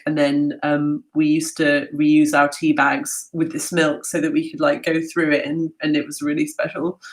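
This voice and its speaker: A woman's voice: sits low, rough recording. Woman chatting on a live q&a, lots of ums and restarts, pokes fun at herself. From half British. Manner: chatty and self-mocking, with many fillers and restarts. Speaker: travel speaker answering audience questions. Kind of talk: casual live Q&A chat.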